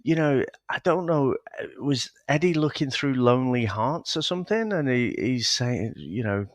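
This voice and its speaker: A man who is a parent co-hosting a casual film-review podcast, musing out loud with hesitant asides and laughs. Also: mid-range voice, animated, moderate pace, no room sound. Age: adult, a parent. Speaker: podcast co-host.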